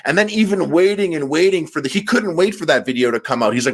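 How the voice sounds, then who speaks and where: A man's voice: a little high, expressive, fast talker, a bit bright, breathy edge. A man co-hosting a podcast in casual chat, rambling and filling his talk with "like". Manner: rambling, heavy use of "like" fillers. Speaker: podcast co-host.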